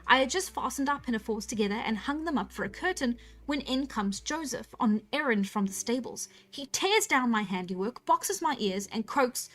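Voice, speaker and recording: High-voiced woman reading a novel aloud. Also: moderate pace, hardly any pauses. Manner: relaxed and chatty, laughing at her own slips. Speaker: storyteller.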